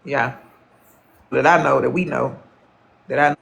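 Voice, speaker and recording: A man's voice: mid-range voice, steady tone, measured pace, vocal fry, a bit bright. A man chatting on a live stream, rambling and profane, repeating himself as he gossips and calls viewers honey. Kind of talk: casual live-stream chat.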